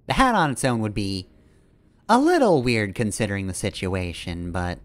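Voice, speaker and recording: A man's voice: on the low side, sing-song, moderate pace. A man streaming a game, giving rambling, casual commentary, often correcting himself and chuckling.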